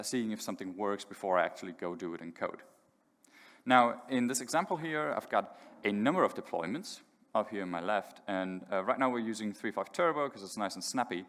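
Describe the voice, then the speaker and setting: Low-voiced man demoing on stage. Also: a bit bright. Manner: casual, many fillers and restarts. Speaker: conference speaker. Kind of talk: live tech demo talk. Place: large conference hall. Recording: echoey hall reverb.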